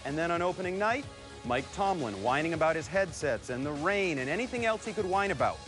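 Over background music, a thirty-something man hosts a sports show, sounding animated and fairly quick. His takes are cocky and needling, and he pushes his pitch around to land his points.

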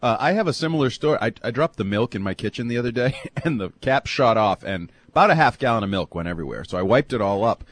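A husky-voiced man co-hosting a sports talk show, whose pitch swings widely as he talks. He tells stories in an animated way and weighs up the players' roles. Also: fast talker, few pauses. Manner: animated storyteller and analyst.

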